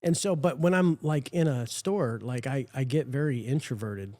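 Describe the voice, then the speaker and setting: A man's voice: medium pitch, moderate pace, warm tone, no room sound. A man hosting a podcast in casual chat, telling a rambling, self-deprecating story. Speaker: podcast host.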